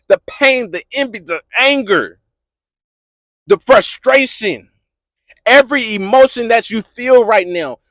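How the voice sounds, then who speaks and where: A man hosting a podcast who gives an impassioned, repetitive motivational talk about faith and at times rises to shouting. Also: high-pitched, no echo. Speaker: podcast host.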